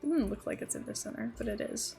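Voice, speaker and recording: A woman's voice: medium pitch, huge pitch swings, brisk, warm tone, faint music behind. A young woman streaming live, rambling casually and thinking aloud as she builds in a game. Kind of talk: casual livestream chat while building in a game.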